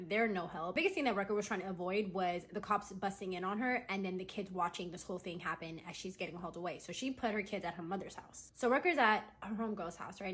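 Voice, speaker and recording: A woman's voice: medium pitch, a bit bright. A woman casually retelling a friend's dramatic story in a chatty, gossipy storytime. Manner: chatty, gossipy, full of "like" and "right?". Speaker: storytime content creator.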